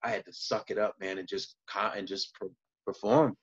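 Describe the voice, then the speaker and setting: A man, a comedian guest, telling stories in casual talk, profane and animated, jumping up in pitch when acting out moments. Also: normal speed, breathy edge, lo-fi sound. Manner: profane, animated retelling with bursts of high pitch. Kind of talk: casual storytelling.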